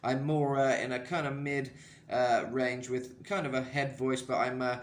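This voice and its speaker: A vocal coach gives a casual, rambling singing tutorial, full of "kind of" and filler sounds. His mid-range voice is flat in delivery at normal speed, with a roomy sound.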